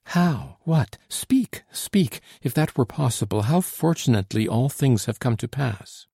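Man doing earnest young French woman, anxious, devoted, husky gravelly tone, pleading rises, lively pitch. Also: normal speed, dry recording, clean studio sound. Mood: eager, emphatic. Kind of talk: audiobook dialogue reading.

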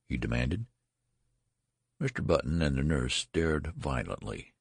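A male narrator reading a classic story in an expressive, dramatic way. His voice is very deep, gravelly and husky, with lively swings in pitch. The recording is close and dry. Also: moderate pace, dry recording.

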